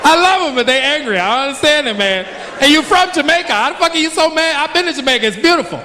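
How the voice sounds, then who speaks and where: A man from New York doing animated, profane stand-up comedy. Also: extremely high pitch, fast talker, crowd noise, noisy background. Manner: profane, animated, mimics Jamaican voices.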